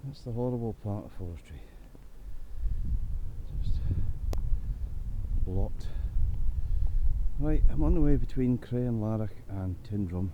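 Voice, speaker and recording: A man's voice: fairly low pitch, animated, unhurried, long pauses. A Scottish man talking casually to his camera while hiking in the rain, blunt and grumbling, a bit out of breath. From Scotland. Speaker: hiking vlogger. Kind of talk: casual walking commentary. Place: outdoors on a rainy forest trail. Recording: dull lo-fi with loud outdoor noise.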